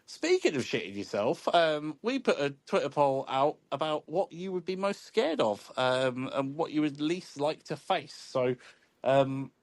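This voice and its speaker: A man's voice: fairly high pitch, big pitch swings, a little slow, no echo. A man hosting a football podcast, laid-back and chuckling, with lots of ums. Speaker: podcast host. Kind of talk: casual chat.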